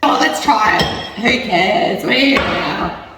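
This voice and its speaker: A woman's voice: mid-range voice, expressive, slow, very noisy. A woman chatting casually through a home cooking vlog, self-mocking and laughing often. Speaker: cooking vlogger. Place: home kitchen. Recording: echoey kitchen, mic at a distance.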